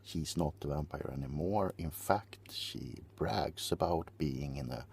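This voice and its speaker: A man hosting an ASMR channel, giving a rambling whispered rant and slipping between whisper and quiet voice. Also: extremely low pitch, measured pace, vocal fry, slight background noise.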